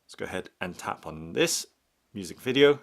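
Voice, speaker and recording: A man narrating an unboxing and demonstration step by step, in a slow and methodical way. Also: deep voice, lively intonation, vocal fry. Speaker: product reviewer.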